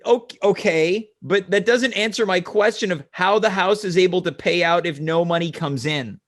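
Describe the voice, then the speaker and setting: High-voiced deadpan male host. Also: moderate pace. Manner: deadpan, earnest questioning. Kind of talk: comedy talk show interview.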